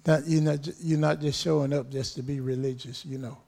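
A man's voice: fairly high pitch, steady tone, brisk, gravelly, warm tone. A man preaching a sermon with fervent call-and-response delivery and bursts of praise.

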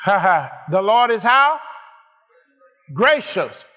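High, bright-voiced preacher man. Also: very animated, slow, pauses often. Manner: asks the congregation questions, then rises to shouted answers. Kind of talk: call-and-response sermon.

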